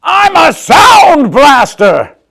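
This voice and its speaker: A bold, eager little girl who calls out in a high, booming voice, as a man reading a storybook aloud puts her on. Every word lands at full volume, high above an ordinary speaking voice. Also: huge pitch swings, extremely slow, gravelly, pushed and bright, raised voice, exaggerated voice.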